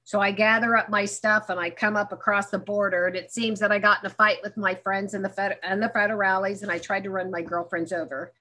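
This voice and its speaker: A woman's voice: mid-range voice, little pitch movement, brisk, hardly any pauses, pushed and bright. A middle-aged woman candidly telling her own recovery story, mixing humor into a personal testimony.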